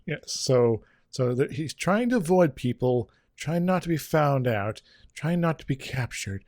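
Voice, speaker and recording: A man's voice: a little high, big pitch swings, a little slow, darkish tone, no echo, clean studio sound. A man co-hosting a podcast in casual chat, joking and throwing in silly mock quotes. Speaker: podcast co-host.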